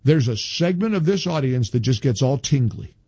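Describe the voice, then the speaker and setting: A husky male radio host with a lively, swooping delivery. He argues hard and repeats his lines for emphasis, speaking close to a dry studio mic. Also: medium pitch, normal speed, dry recording. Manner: animated, combative, repeats phrases for emphasis. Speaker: radio talk show host. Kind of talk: talk radio monologue.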